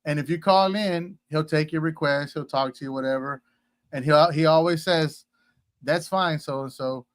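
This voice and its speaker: A man's voice: a little high, steady tone, moderate pace, no echo. A man from Texas, a guest on a casual interview, telling rambling stories full of fillers and playful asides. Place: at home in Houston.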